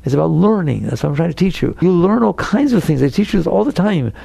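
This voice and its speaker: A man's voice: a little high, animated, quick pace, creaky, warm tone, husky, dry recording. An older man giving a spiritual talk to an audience, speaking conversationally and asking many rhetorical questions. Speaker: spiritual teacher.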